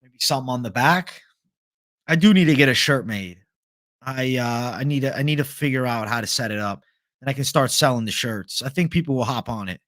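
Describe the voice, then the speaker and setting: A man's voice: mid-range voice, brisk, a bit bright, no echo, clean studio sound. A young man hosting a live stream, reading viewer comments in a laid-back, chatty, profane way. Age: young adult. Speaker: host.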